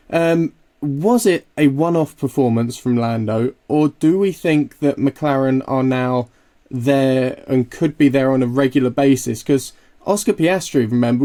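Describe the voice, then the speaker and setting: Male podcast host, mid pitch, warm mellow tone, measured questions. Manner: thoughtful, questioning.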